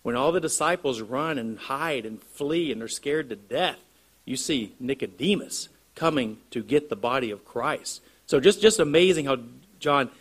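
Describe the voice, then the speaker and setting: A man's voice: mid-range voice, lively intonation, moderate pace, a bit bright. A man preaching an earnest expository sermon, explaining scripture and posing rhetorical questions to his congregation. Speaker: pastor.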